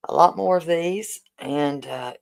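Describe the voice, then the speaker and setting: Woman in her 40s, livestream host, slow unhurried delivery, emotional and grateful. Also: sits low, gravelly, rough recording. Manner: warm, emotional, repeatedly thanking viewers. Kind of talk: casual livestream fundraiser chat.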